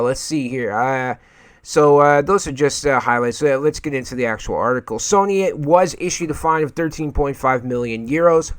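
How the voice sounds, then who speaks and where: A man with a slightly raised pitch talks through gaming news in a loose, casual commentary. He hesitates a lot and fills his pauses with "uh" while he reads an article aloud. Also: a bit bright. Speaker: gaming channel host.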